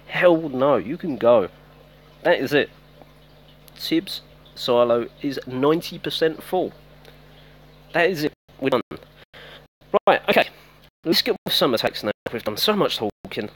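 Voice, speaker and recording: A man giving casual live-stream commentary on a mobile game, chatting with viewers by name. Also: medium pitch. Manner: chatty, talks to viewers by name, self-teasing.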